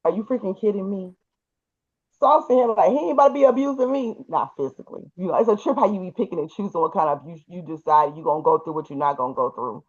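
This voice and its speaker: A woman telling a personal story in a casual, animated and emphatic way, with colloquial speech. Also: sits low, fast, lo-fi sound.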